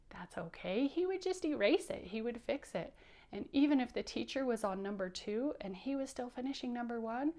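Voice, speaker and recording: A young adult woman teacher giving an interactive read-aloud for children, bright and encouraging. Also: mid-range voice.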